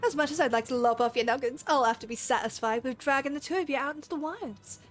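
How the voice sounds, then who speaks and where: A woman putting on a bloodthirsty pirate villain, rough put-on pirate accent, drawled menacing taunts, fairly high voice, for a game read-along. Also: quick pace, soft background music, natural voice.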